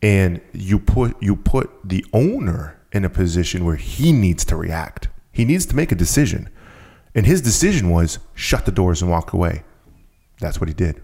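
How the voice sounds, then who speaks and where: Deep gravelly man telling a story. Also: normal speed. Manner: animated, repeats and restarts phrases. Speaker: guest telling a business story. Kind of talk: casual conversational storytelling.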